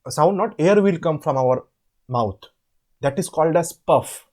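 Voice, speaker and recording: A man with an Indian English accent tutoring students through an English assignment, explaining step by step and repeating words slowly. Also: a little high, lively intonation, mellow. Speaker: online course tutor. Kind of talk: assignment walkthrough lesson.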